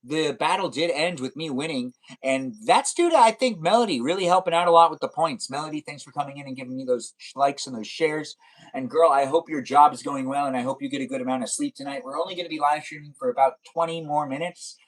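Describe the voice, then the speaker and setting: A man's voice: on the high side, quick pace, low-quality recording. A man live streaming, chatting casually and reading out viewer comments in a rambling, repetitive way.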